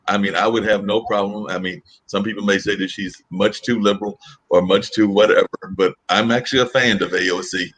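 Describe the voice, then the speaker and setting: A man with a very deep voice shares his views in a casual political discussion. He pauses often on fillers as he works through his thoughts. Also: fairly even intonation, fairly bright tone.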